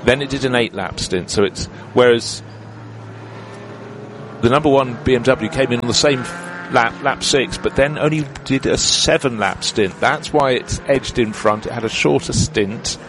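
Gravelly male race commentator, cars roaring. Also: mid-range voice, moderate pace. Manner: chatty, explanatory, detailed race analysis. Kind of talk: live motorsport commentary. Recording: commentary with loud car noise behind.

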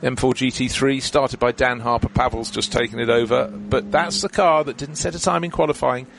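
A man's voice: medium pitch, fairly even intonation, fairly quick, creaky, fairly bright tone, slight background noise. A man commentating on a motor race, explaining strategy in detail with a chatty manner.

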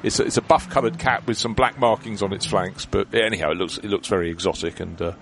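A man's voice: lowish voice, fast, vocal fry, a bit bright, slight background noise. A man commentating on a motor race, explaining strategy in detail with a chatty manner.

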